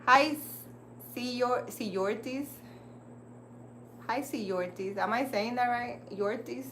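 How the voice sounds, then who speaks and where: A woman's voice: fairly high pitch, slow pace, fairly bright tone, slight background noise. A woman hosting a casual livestream, rambling and chatty as she talks straight to her viewers. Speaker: livestream host.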